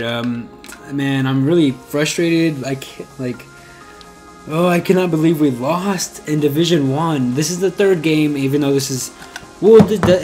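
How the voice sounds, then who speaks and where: A man's voice: a little high, a little mellow. Frustrated young man ranting about gaming. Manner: frustrated, rambling, self-deprecating. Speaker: gaming YouTuber. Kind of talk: casual gaming commentary.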